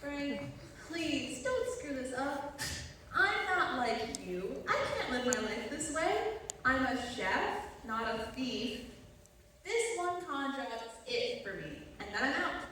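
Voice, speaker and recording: A woman playing an anxious, reluctant chef accomplice, talking in an exasperated, quick way. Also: sits high, sing-song, sharp tone, full character voice. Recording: echoey room, distant mic, faint noise.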